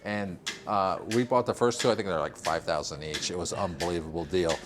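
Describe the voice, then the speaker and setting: An older man from Vermont leads a relaxed tour of his greenhouse, talking in a low voice. He rambles through long explanations, full of fillers and easy chuckles. A faint hiss of background noise sits under the recording. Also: brisk. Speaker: farmer giving a tour. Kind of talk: casual walking-tour interview.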